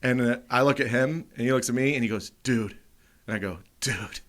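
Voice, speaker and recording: A man co-hosting a comedy podcast, telling a wild story in a loud, animated, profane way. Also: mid-range voice, quick pace. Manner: animated, profane, acts out quotes loudly. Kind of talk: casual storytelling chat.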